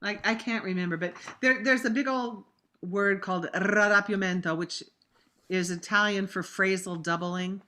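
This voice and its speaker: A woman opera coach leading a virtual master class over a video call, talking singers through diction and breathing, and breaking into loud spoken examples of words. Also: mid-range voice, steady tone, normal speed. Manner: demonstrative, acts out diction examples with sudden loud bursts; conversational, warm coaching with fillers.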